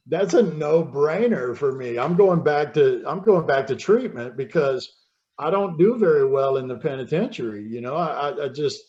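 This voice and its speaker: A man in his fifties, a podcast guest, candidly telling his own recovery story in a halting way that often repeats words. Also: a little high, animated, a little mellow, lo-fi sound.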